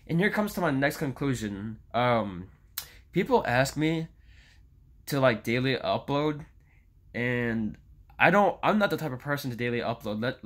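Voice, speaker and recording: A young man in his late teens talks straight to his viewers in a casual vlog rant. He sounds fed up, circles back over the same points, restarts his sentences and swears freely. His voice sits at an ordinary middle pitch for a man. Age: young adult. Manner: frustrated, rambling with restarts and frequent swearing. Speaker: YouTuber.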